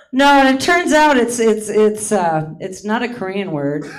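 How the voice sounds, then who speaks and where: Unhurried and mid-range, with big swings in pitch, this woman in her late fifties from Hawaii makes fun of herself in a theater stand-up set and regularly laughs at her own jokes.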